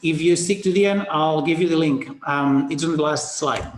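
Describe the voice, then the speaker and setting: A man presenting a business coaching webinar, talking fast and casually with fillers and the odd swear word. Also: fairly high pitch, reverberant, slight background noise. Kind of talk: energetic sales webinar talk.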